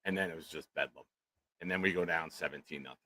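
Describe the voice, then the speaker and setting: A middle-aged man, a co-host telling a profane, comedic story in loud, animated rants. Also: a bass voice, fast talker, dry recording, rough recording. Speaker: podcast co-host.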